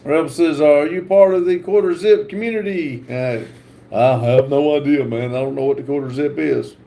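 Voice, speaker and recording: A man hosting a livestream, reading viewer comments aloud with halting pauses and fillers. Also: on the high side, gravelly, dark tone, slight background noise. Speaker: livestream host.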